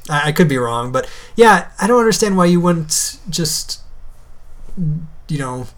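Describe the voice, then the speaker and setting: A man's voice: on the high side, lively intonation, unhurried, fairly bright tone. A young man co-hosting a podcast in casual chat, talking in a loose, hesitant way with lots of fillers and easy laughs. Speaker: podcast co-host.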